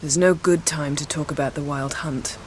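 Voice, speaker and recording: An actress voicing a proud, commanding sorceress in poised video game dialogue. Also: female voice, low-pitched, steady tone, moderate pace, background noise, natural voice. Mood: cool. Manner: poised, imperious.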